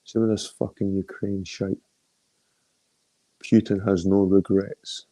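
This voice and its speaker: A man's voice: sits low, level tone, slow, warm tone, dry recording. A middle-aged man with an Edinburgh Scottish accent chatting casually and profanely on a phone live stream, greeting viewers by name. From Scotland. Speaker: livestream host.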